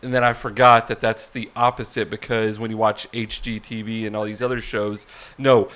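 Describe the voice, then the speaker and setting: A man's voice: lowish voice, flat delivery, normal speed, a bit bright. A man on a podcast, telling a rambling, self-mocking story in casual chat. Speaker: podcast co-host.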